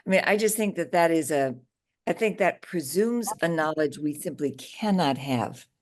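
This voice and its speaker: A woman on a town committee, raising a concern carefully and deliberately in a meeting. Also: low-pitched, lively intonation, a little mellow. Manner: deliberate, careful, hesitant phrasing. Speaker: committee member.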